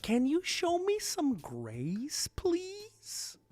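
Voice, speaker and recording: A man's voice: a little high, big pitch swings, measured pace, vocal fry, no room sound. A man hosting a livestream in casual chat, rambling and self-deprecating with loose slang, feeling sluggish today. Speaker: livestream host. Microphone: wearing headphones, no monitor.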